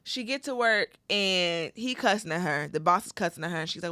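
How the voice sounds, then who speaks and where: Woman retelling a movie, profane and animated. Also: on the low side, brisk, hardly any pauses, no echo. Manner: animated, profane storytelling with acted quotes. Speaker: podcast co-host. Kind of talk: casual comedic chat, retelling a movie plot.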